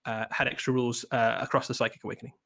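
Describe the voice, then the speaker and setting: A man's voice: medium pitch, little pitch movement, racing, a bit bright. A man presenting product previews on a live stream, talking with many ums, uhs and restarts.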